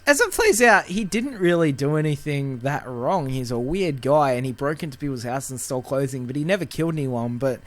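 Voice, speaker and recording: A man's voice: mid-range voice, animated, a little fast, hardly any pauses. A man co-hosting a casual film podcast, talking loosely with fillers and the odd swear word. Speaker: podcast co-host.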